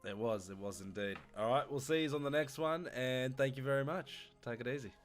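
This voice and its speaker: A man's voice: mid-range voice, brisk, background noise. A man hosting a podcast, chatting in a laid-back way, swearing and laughing easily. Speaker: podcast host. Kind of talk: casual chat.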